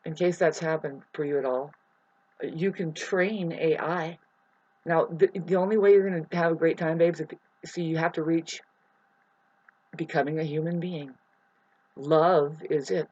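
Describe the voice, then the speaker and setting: A vlogger talking in a meandering, free-associating monologue, with many restarts and pauses. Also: mid-range voice, a little mellow, no room sound. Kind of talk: rambling spoken monologue. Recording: dry, slightly dull lo-fi sound.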